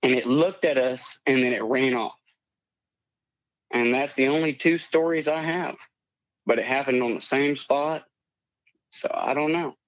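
A man's voice: mid-range voice, measured pace, pauses often, no room sound. Caller, man, late 20s, plainspoken and rambling; dull, dry lo-fi audio. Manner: rambling, plainspoken storytelling with profanity. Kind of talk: telling a personal encounter story.

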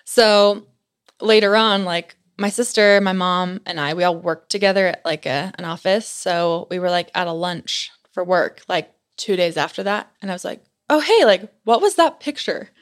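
A woman's voice: on the low side, steady tone, moderate pace, clean tone. A young adult woman, a podcast guest, tells a story in a casual, chatty way and fills her speech with "like".

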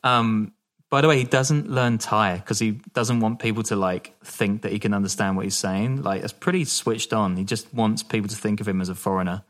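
A man's voice: on the low side, steady tone, normal speed, fairly bright tone. A man co-hosting a podcast, telling a story in a laid-back, casual way, laughing often and swearing now and then. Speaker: podcast co-host.

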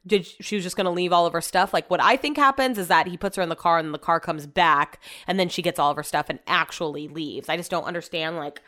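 A woman's voice: lowish voice, quick pace, few pauses, a bit bright. A woman hosting a podcast, recapping a reality show in casual chat, blunt and sarcastic, swearing freely. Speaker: podcast host.

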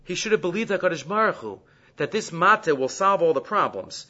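A man teaching a Torah lesson, his voice high and bright, quoting Hebrew passages and unpacking them in English. The recording sounds dull and lo-fi. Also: fairly quick. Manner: animated, mixes Hebrew quotes with English explanation. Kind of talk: Torah class lecture.

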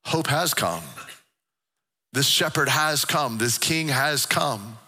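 Man, pastor, sermon, earnest, repeats himself, very bright tone, middle pitch. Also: expressive, husky, long reverb tail, soft background music. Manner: earnest, repetitive, stammering restarts, slows for emphasis.

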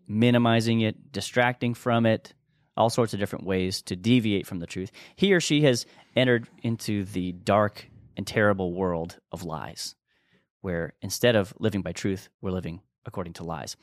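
Low-voiced man, podcast host. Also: normal speed, dry recording, studio quality. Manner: earnest, rambling, with frequent restarts and chuckles. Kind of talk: casual conversational podcast teaching.

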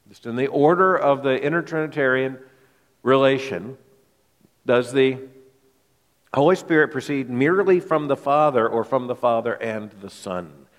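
A man preaching an expository sermon, his voice sitting in an ordinary middle pitch. He talks with emphasis and often repeats a word as he thinks aloud. His voice rings with a long reverb in a large church hall. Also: moderate pace. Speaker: pastor.

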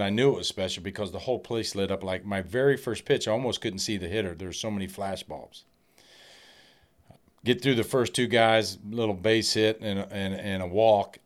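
A middle-aged man, a former pitcher, telling stories in casual chat and laughing through his punchlines. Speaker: retired baseball pitcher guest.

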